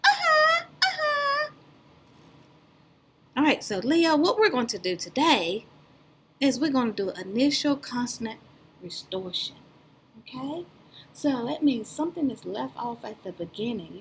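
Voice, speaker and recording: A woman's voice: on the high side, very animated, normal speed, slight background noise. A woman teacher giving a speech lesson to young children, patient and drawn out in a sing-song way.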